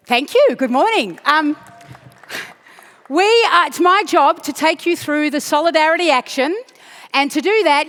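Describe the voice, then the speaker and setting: Woman, high and bright, slow and teasing, leading a chant in an echoey hall. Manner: playful, teasing, rousing, breaks into shouts. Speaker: chant leader at a union congress. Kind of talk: leading a crowd chant and dance. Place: large conference hall.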